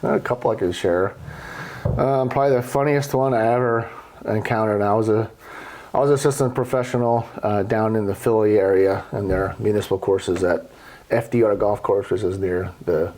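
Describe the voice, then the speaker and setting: A middle-aged man telling golf stories casually on a podcast, animated and blunt with frequent swearing. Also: fairly low pitch, normal speed, slight background noise. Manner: profane, animated storyteller. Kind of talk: casual storytelling.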